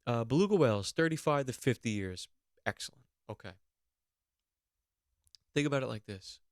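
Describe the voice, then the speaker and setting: A man hosting a podcast, going on an animated, mock-outraged comedic rant with plenty of swearing. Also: mid-range voice, moderate pace, dry recording, studio quality. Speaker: podcast host.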